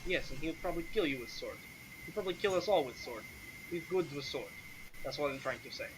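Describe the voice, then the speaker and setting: A man voicing a gruff male guard who speaks in clipped, broken sentences and drops his articles. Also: fairly high pitch, expressive, quick pace, noisy background, natural voice. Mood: exasperated.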